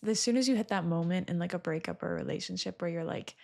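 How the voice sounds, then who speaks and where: A woman's voice: lowish voice, creaky, a little mellow. Easygoing woman hosting a chat. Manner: easygoing, agreeable, quick to laugh along. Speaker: podcast host. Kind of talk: casual podcast chat.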